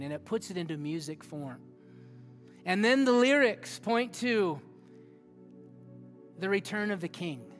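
A man preaching a sermon as a youth pastor in a church hall, energetic and interactive, often asking the audience questions. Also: fairly high pitch. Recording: long hall reverb with faint music.

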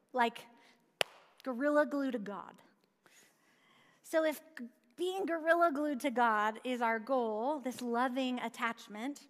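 A woman's voice: sits high, a bit bright. A woman preaching a sermon in a conversational way, asking rhetorical questions and dropping light asides. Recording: long hall reverb.

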